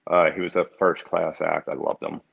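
Gravelly deep-voiced man in his fifties. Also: little pitch movement, normal speed, muffled recording. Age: 50s. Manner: rambling, heartfelt, many restarts. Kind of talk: casual podcast chat.

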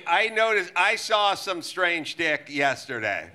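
A middle-aged man hosting a live comedy podcast, telling profane stories in an animated way and laughing as he talks. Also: high voice, measured pace. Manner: animated, swearing, laughs mid-sentence. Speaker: podcast host. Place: live show on stage.

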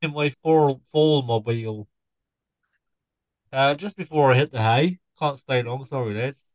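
A man's voice: a little high, level tone, moderate pace, sharp tone, clear, resonant tone, dry recording, low-quality recording. A man voicing a dim, cheeky male scarecrow from a farm, rambling through puns and slipping out of his put-on accent.

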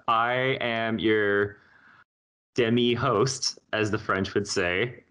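Bright-voiced campy man co-hosting a podcast. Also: lowish voice, steady tone, very slow, clear, resonant tone. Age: 30s. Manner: campy, teasing, playful. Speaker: podcast co-host. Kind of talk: casual chat.

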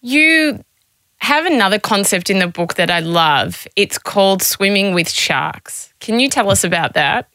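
A woman hosts a conversation, earnest and admiring as she asks her questions. Her voice is bright and clean, recorded close and dry with no room sound. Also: medium pitch, lively intonation, unhurried, no room sound. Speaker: podcast host. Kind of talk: interview questions.

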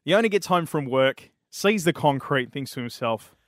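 A man's voice: on the high side, animated, normal speed, dry recording, studio quality. A man with an Australian accent hosting a podcast, chatting casually and telling a joke in a laid-back way, full of slang. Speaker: podcast host.

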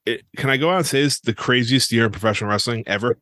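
A man's voice: medium pitch, rapid-fire, bright, forceful tone, no echo. A man hosting a wrestling podcast in loose, joking chat and swearing freely. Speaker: podcast host. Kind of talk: casual chat.

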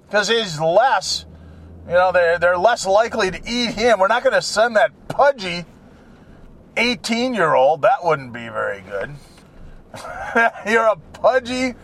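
An older man talks in a slow, meandering monologue, his fairly high voice swinging up and down as he cracks jokes and chuckles at them. Faint road noise hums behind him in a moving vehicle. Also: a bit bright. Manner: jokey, rambling, laughs at his own jokes. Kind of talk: rambling casual monologue.

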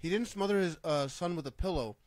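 Skeptical man with a higher voice. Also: quick pace, slight background noise. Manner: questioning, skeptical, thinks aloud. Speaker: podcast co-host and former wrestler. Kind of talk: casual group discussion.

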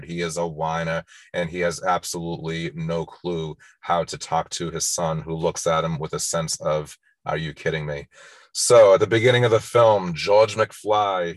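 A man's voice: deep voice, dry recording. A man hosting a casual movie countdown, talking wryly and sarcastically with frequent laughs. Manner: wry, sarcastic, laughs often. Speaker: host.

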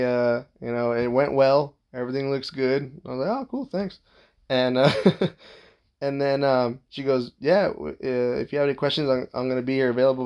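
A young man tells a long, wandering story in a casual, profane way. His voice has a gravelly, fried edge. He fills his sentences with "like" and briefly acts out what the other people said. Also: medium pitch, darkish tone, highs cut off. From Southern California. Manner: profane, rambling, full of "like" fillers, acts out quoted talk.

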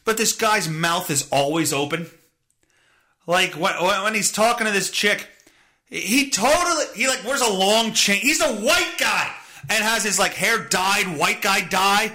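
Man in his thirties, solo podcast host, rambling sarcastic rant, fairly high and forceful voice. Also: unhurried. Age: 30s.

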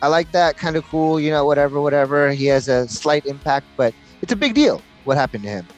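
A man with a fairly high voice co-hosts a rambling podcast and rants loudly. He swears freely and slips into mocking quotes. Faint music sits behind him. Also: expressive, a little fast. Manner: loud, ranting, profane, full of mocking put-on quotes. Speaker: podcast co-host. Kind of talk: casual profane chat.

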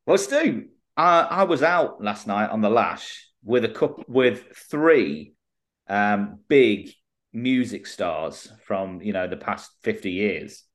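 A man's voice: on the low side, lively intonation, takes it slowly, a bit bright. A man co-hosting a casual comedy podcast, telling tall tales and laughing often. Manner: giggly storyteller, laughs often. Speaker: podcast co-host.

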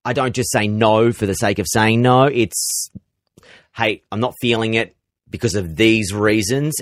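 A man's voice: lowish voice, no room sound, clean studio sound. An Australian man, a radio presenter, answering interview questions with lots of energy, repeating words and restarting sentences. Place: radio station office.

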